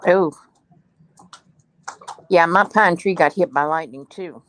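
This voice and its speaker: A woman in casual chat with a friend, making quick wry remarks. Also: fairly low pitch, fairly bright tone, slight background noise. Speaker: friend co-chatting.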